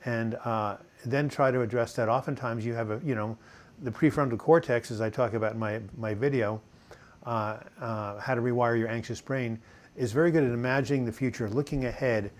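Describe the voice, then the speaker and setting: An older man hosting a live video chat from home, reading viewer comments and answering in a relaxed, rambling way with many fillers and restarts. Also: mid-range voice. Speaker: host of a live video chat on mental health. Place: home in Portland, US.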